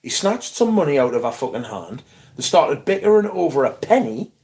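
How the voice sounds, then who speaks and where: A middle-aged man, telling an animated, swear-filled story on a casual livestream. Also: a little high, normal speed. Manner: swearing, animated anecdote with quoted voices. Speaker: livestream host.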